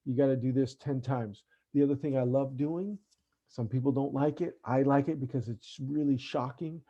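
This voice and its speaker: A man's voice: medium pitch, fairly even intonation, moderate pace, warm tone. A middle-aged man speaking earnestly to parents in an online talk, often checking in with "right?". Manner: earnest, tags sentences with "right?". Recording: dull lo-fi online call audio.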